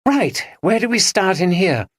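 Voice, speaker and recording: A woman's voice: medium pitch, very animated, measured pace, husky, no room sound, voice pushed up. A man reading an audiobook, voicing a playful young woman who giggles. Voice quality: giggly, bright.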